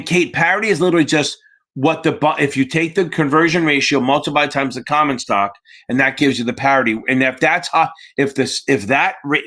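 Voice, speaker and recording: Bright-voiced, profane male live-stream tutor. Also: mid-range voice. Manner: profane, chatty, reads chat aloud. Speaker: exam prep instructor.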